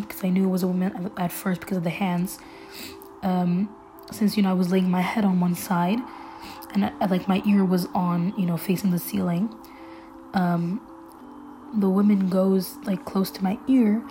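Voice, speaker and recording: A woman recounts a frightening experience in a loose, halting way, full of fillers and restarts. Her voice is mellow and warm, at an ordinary pitch. Faint music plays softly underneath. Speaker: storyteller. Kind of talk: casual personal storytelling.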